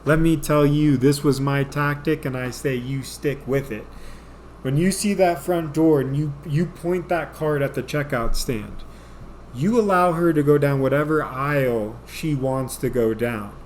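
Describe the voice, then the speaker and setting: A man's voice: fairly high pitch, measured pace, a little mellow, slight background noise. A man telling a funny personal story to viewers in a rambling, self-deprecating way, often calling them folks. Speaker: storyteller vlogger. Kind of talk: casual comedic storytelling.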